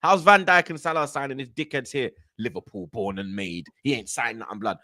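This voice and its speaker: A man co-hosting a casual football chat, animated and quick to laugh. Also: medium pitch. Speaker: podcast co-host. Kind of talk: casual banter.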